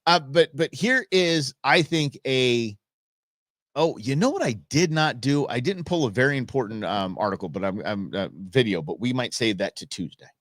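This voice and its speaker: A man's voice: mid-range voice, expressive, moderate pace, fairly bright tone, dry recording, clean studio sound. A middle-aged man hosting a live talk stream, rambling through his points with many fillers and restarts. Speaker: show host.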